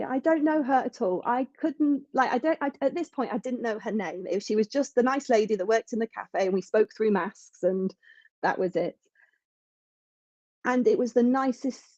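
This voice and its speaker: A woman with a fairly high, mellow voice appears as a podcast guest in a conversational interview, speaking earnestly and reflectively and frequently restarting her sentences. The recording has no room sound and sounds dull.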